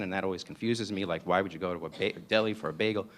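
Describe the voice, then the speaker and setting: Lower-voiced man with a New York accent, lecturing playfully. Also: steady tone, quick pace, hardly any pauses, a bit bright. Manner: playful, digressive, peppered with rhetorical "right?". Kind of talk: public lecture.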